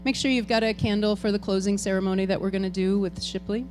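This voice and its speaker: A woman's voice: mid-range voice, fairly even intonation, fast talker, a little mellow, a little hiss or hum. A woman serving as board president, hosting a farewell tribute and talking to the congregation in a chatty, informal way. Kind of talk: ceremony address to a congregation. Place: church hall with an audience.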